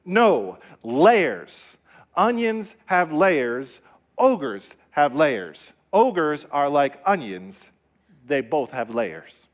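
A grumpy, blunt male ogre who keeps repeating his point with flat emphasis, quoted by a pastor during a sermon. The voice sits a little high. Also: drawn-out words, exaggerated voice. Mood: insistent. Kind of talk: quoting a film scene in a sermon.

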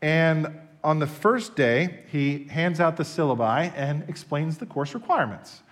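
A man preaching a sermon, animated and emphatic as he tells stories. His voice sits fairly high for a man. It rises and falls widely in pitch. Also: a little slow. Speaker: pastor.

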